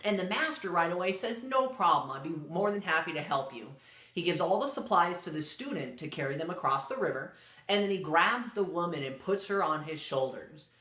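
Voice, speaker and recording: A man's voice: fairly high pitch, bright, forceful tone, roomy sound. A man casually telling a spoken story, rambling with fillers and restarts.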